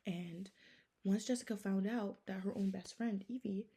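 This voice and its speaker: A woman's voice: mid-range voice, fairly even intonation, normal speed, warm tone, husky. A woman telling a story in a casual, chatty way, with heavy use of "like" and "okay?".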